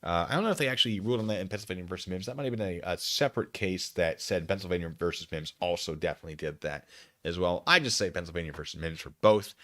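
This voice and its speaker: A man's voice: low voice, fairly bright tone. A man casually commenting on a video during a live stream, cracking jokes and laughing. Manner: joking asides and laughs.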